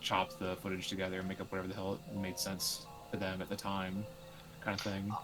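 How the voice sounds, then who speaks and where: Low-voiced man rambling over a game. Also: completely flat delivery, a little fast, over music, rough recording. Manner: rambling, lots of fillers, opinionated. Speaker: co-host of a let's play stream. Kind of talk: casual chat while gaming.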